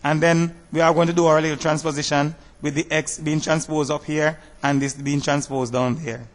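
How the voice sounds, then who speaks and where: Working through slides, a man teaches a math lesson step by step, measured and posing rhetorical questions. His voice is on the high side with a flat delivery, and a long reverb tail follows it.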